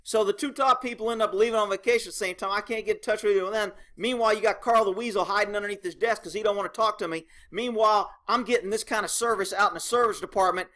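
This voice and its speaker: Exasperated man, bright voice. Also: high voice. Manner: exasperated, sarcastic storytelling, acts out both sides. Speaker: vlogger recounting a complaint. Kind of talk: animated complaint rant.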